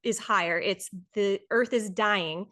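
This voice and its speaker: A woman guest on a casual podcast, explaining her views in a measured way at length. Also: medium pitch, fairly bright tone. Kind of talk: casual chat.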